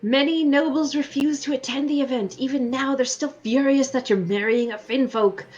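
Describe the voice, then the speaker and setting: A woman's voice: sits high, steady tone, moderate pace, a little mellow, lo-fi sound, soft background music. A woman narrating an interactive story game on a livestream as game master, slipping between storytelling and giggly chat.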